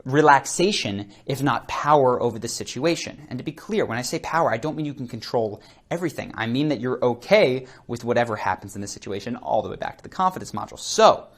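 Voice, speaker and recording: A man teaching about voice and presence in an animated, conversational way, calling himself a fast speaker. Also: mid-range voice. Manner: animated and conversational, demonstrating voice techniques; self-described fast speaker. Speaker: charisma coach. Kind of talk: instructional talk to camera.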